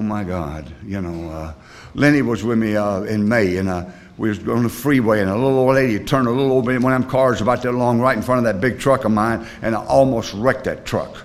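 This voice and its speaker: A man sponsoring others in recovery, telling a personal story in a folksy, rambling way, with plain rural grammar and many fillers. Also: fairly low pitch.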